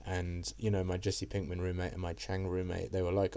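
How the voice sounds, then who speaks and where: Young male vlogger, deep mellow voice, loose rambling storytime delivery full of fillers and cursing. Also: completely flat delivery, fairly quick, clear, resonant tone. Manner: rambling, heavy on fillers and swearing. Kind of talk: casual storytime monologue.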